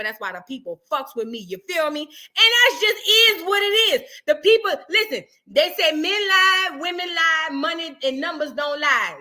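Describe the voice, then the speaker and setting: A woman hosting her own reaction channel, chatting to viewers in a brash, profane, animated way. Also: sits high. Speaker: YouTube reaction host. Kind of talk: casual chat to viewers.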